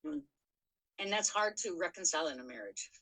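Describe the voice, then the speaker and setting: Podcast host, middle-aged woman, low pitch and a bright, forceful tone, frank and profane in her storytelling. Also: very animated, fairly quick, rough recording. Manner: frank, swears freely, many fillers and restarts. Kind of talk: candid personal storytelling.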